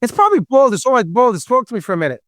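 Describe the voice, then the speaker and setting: A man with a Long Island New York accent and a loud, distinctive voice, joking and chatting as a podcast host. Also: extremely high pitch, very fast, no room sound, clean studio sound. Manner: animated, joking, talkative. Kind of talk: casual podcast chat.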